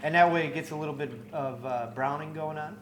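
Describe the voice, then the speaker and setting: A man's voice: fairly high pitch, fast talker, a little hiss or hum. A man hosting a cooking show in a studio kitchen, walking through a recipe step by step in an upbeat, joking way. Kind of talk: on-air cooking demonstration.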